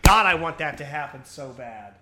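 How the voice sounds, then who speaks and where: A man's voice: a little high, expressive, moderate pace, background noise. A man co-hosting a wrestling podcast, rambling through crude jokes, swearing freely and laughing at his own bits. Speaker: podcast co-host.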